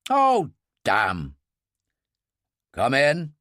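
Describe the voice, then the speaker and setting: A man voicing a grim, reluctant older admiral who speaks in a measured, dry way. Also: medium pitch, huge pitch swings, a bit bright, dry recording, heavily acted.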